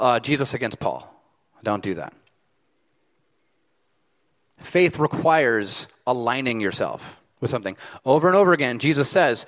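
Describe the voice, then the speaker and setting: A man preaching a sermon as pastor, emphatic, swinging from loud peaks to hushed lines. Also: mid-range voice. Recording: long hall reverb.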